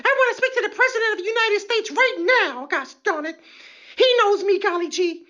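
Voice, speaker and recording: A man's voice: very high voice, expressive, fairly quick, fairly bright tone, lo-fi sound, voice pushed up. A man voicing an irate, entitled woman being arrested, shrieking her demands with indignation. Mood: shrill indignant.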